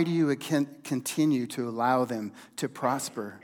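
Guy preaching slow and deliberate, big pauses, long reverb like a church hall. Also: mid-range voice. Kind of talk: sermon.

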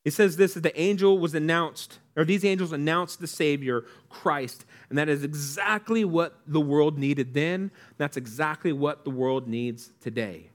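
A man preaching a sermon in a relaxed, conversational way, asking the congregation questions and acting out quoted lines. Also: a little high, unhurried, few pauses. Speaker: pastor.

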